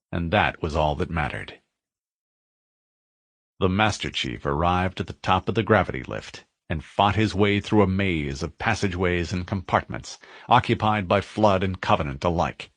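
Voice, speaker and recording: A man narrating a military science-fiction audiobook in a vivid, expressive storytelling manner. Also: deep voice, no room sound.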